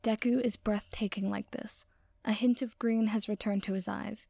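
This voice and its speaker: A woman narrating a story aloud in a soft, slow voice that often drops to a whisper. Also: medium pitch, steady tone, creaky, dry recording. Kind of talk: reading fan fiction aloud.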